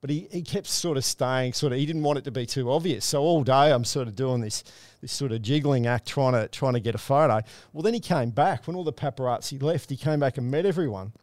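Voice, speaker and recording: A man's voice: mid-range voice, fairly quick, dry recording, studio quality. A middle-aged Australian man hosting a racing podcast, telling stories and bantering casually with his guests. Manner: chatty storyteller, relaxed banter. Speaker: podcast host. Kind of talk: casual chat.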